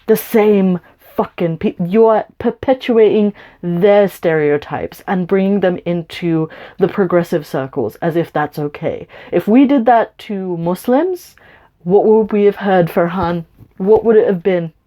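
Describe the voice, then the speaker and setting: A woman rants straight into her camera, swearing hard and dripping with sarcasm. Her voice is mellow and dark in tone, and she talks to the camera as if the person she is angry with were sitting in front of her. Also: on the low side, measured pace. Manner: profane, sarcastic and confrontational. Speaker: YouTuber.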